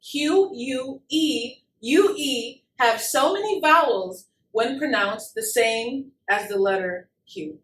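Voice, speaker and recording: High-voiced woman co-hosting a casual game. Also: lively intonation, slow pace, hardly any pauses, a bit bright, distant mic. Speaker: co-host. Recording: roomy sound from off-mic.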